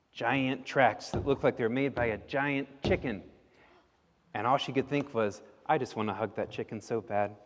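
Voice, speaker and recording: A man telling a folk tale to children in a church service, playful and full of questions to them, in an echoey hall. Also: mid-range voice. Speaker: storyteller. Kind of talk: children's story time in a service. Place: church sanctuary.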